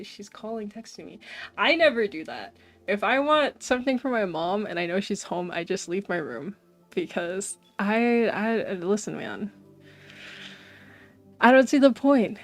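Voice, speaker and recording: A young woman streaming, chatting casually and animatedly with her viewers and often saying "bro". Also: mid-range voice. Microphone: desk mic.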